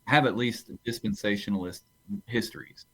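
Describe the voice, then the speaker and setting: A man's voice: on the low side, moderate pace, fairly bright tone, dry recording, poor audio. A man, a pastor on a podcast, talking casually about theology and rambling into stories, often restarting his phrases.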